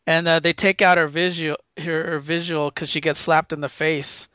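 A man's voice: on the high side, flat delivery, normal speed, bright, forceful tone, clear, resonant tone, no room sound. A man casually recapping a comic book issue, rambling with fillers and acting out quoted lines. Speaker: comic podcast co-host.

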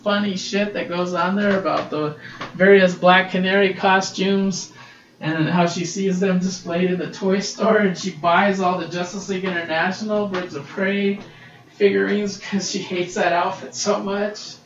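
A man's voice: sits high, level tone, normal speed, fairly bright tone. A man hosting a casual solo podcast, gushing and swearing freely as he reviews comics, recorded on a laptop's built-in mic. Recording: roomy, distant, dull laptop-mic recording.

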